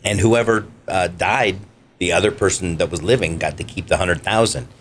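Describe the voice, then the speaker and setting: A man, a voice actor and stand-up comic, chatting as a podcast guest and telling stories with animated energy. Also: deep voice, moderate pace, slight background noise. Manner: animated storyteller who acts out voices. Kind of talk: casual interview chat.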